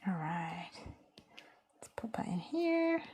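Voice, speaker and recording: A woman hosting a live card-making stream, chatting as she works, thinking aloud and sometimes dropping to a soft murmur. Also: on the low side, big pitch swings, slow, husky. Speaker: crafting livestream host. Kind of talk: live crafting demo with chat.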